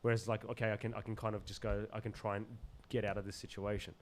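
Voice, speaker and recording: A man telling stories as a podcast guest, animated and loose with slang and swearing, laughing often. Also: on the low side, fast talker, slight background noise. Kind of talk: casual storytelling in an interview.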